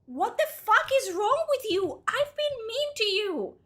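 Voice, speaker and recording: Animated high-voiced woman streamer. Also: a little slow, soft background music. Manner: exasperated, swears a lot, switches into Spanish. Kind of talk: casual gaming livestream commentary.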